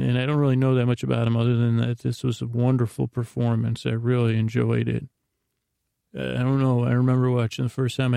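A man's voice: medium pitch, vocal fry, mellow, no room sound, clean studio sound. A man hosting a sleep podcast, retelling a TV episode in a meandering bedtime ramble full of restarts and asides. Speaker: podcast host.

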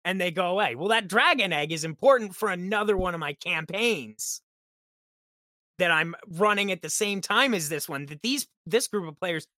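A man on a podcast chatting as a guest game master, telling lively stories and acting out what his players and characters said. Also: high-pitched, normal speed, no room sound. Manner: lively storyteller who acts out quoted characters. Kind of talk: casual podcast chat.

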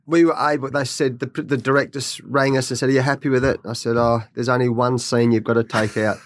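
A middle-aged man with an Australian accent, a guest in a studio chat, telling lively stories and laughing often. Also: mid-range voice, quick pace, no echo. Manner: animated storyteller, laughs often. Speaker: guest, former cricket coach. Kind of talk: podcast interview chat.

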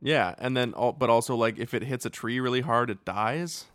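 A man's voice: medium pitch, normal speed, fairly bright tone, dry recording, clean studio sound. A man co-hosting a podcast, rambling casually about a movie, laughing often and acting out silly quotes. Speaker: podcast co-host. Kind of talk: casual movie review chat.

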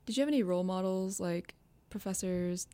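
A woman's voice: mid-range voice, a little fast, mellow, clean tone, no room sound. A woman interviewing a guest, asking probing questions and giving short affirmations. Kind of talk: conversational interview.

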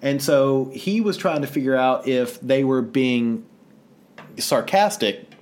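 A man from the United States co-hosting a podcast in casual chat, telling stories with lots of laughter and quick acted-out quotes. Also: mid-range voice. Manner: animated storyteller, acts out quotes, laughs often. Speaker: podcast co-host.

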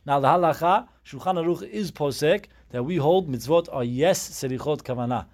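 A man's voice: on the high side, normal speed, darkish tone. Man teaching a Talmud class. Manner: chanting Aramaic phrases then explaining them in English.

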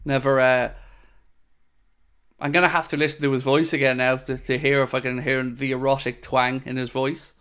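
A young male podcast host reads comments from a live chat, talking casually and with strong opinions, full of fillers and asides. His mid-range voice is level, clean and fairly bright, at a normal speed.

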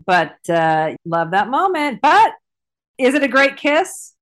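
A woman co-hosting a casual chat about a TV series, enthusiastically acting out quotes with playful jumps in pitch. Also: very animated, takes it slowly. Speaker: podcast co-host.

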